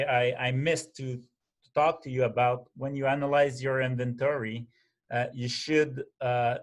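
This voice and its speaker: A man presents in a webinar at an ordinary middle pitch. He halts and restarts often and keeps asking his listeners "okay?" to check they follow. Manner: halting, many restarts and fillers, repeated "okay?".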